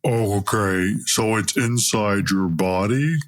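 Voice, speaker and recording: A man's voice: on the low side, takes it slowly. A man playing a jittery male border officer in an improv scene, stammering when rattled. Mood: stern.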